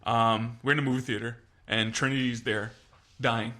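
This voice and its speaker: A man co-hosting a podcast, telling stories in an animated, joking way. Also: mid-range voice. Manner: animated storyteller, quick to laugh. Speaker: podcast co-host. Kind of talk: casual chat.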